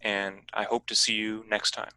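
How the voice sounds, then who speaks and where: Bright-voiced male workshop presenter. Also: lowish voice, moderate pace, no room sound, low-quality recording. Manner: relaxed, conversational teacher. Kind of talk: online teaching workshop.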